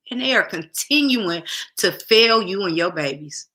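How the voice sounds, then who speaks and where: Speaking a little slowly in a medium-pitched voice that is pushed and bright, with lively intonation, a woman hosts a casual talk show. She talks emphatically to her viewers and repeats phrases for emphasis.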